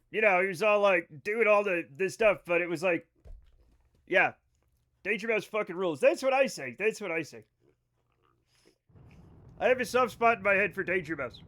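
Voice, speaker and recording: A man's voice: high-pitched, a bit bright. A man streaming a space game live, chatting casually with his viewers in a rambling way and swearing freely. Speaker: livestreamer. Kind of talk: casual live-stream chat over gameplay.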